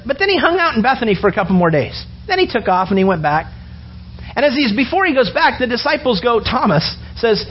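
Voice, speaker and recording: A man preaching a sermon, animated and storytelling, acting out the characters' words as he goes. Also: sits high, fast, a little hiss or hum. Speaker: pastor. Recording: dull lo-fi sound with faint ambience.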